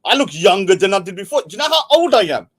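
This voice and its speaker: A man's voice: high-pitched, sing-song, quick pace, fairly bright tone. A middle-aged man, casually rambling and joking while he hosts a livestream and reads out chat. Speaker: livestream host.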